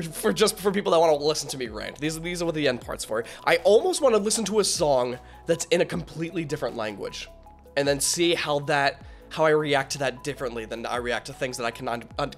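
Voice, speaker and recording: Slightly hoarse man rambling excitedly. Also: on the high side, fast talker, faint music behind. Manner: rambling, filler-heavy, enthusiastic. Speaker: reaction video host. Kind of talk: casual reaction commentary.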